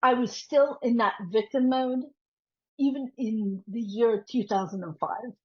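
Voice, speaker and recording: Woman, interview guest, animated storyteller, slightly high pitch, lo-fi sound. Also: measured pace. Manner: animated, quotes voices as she tells. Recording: dull lo-fi audio.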